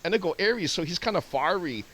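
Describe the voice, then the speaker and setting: Animated man telling stories, lively pitch. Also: quick pace, low-quality recording. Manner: animated storyteller, acts out quotes. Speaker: talk show host. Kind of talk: casual spiritual chat.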